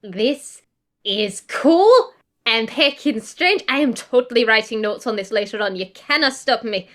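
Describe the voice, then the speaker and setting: A woman voicing a furry toon mother who dotes on her little one, gushing and cooing with excitement. Her voice sits high and bright with delight. It is cartoonish tabletop role-play. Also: a little slow. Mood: doting.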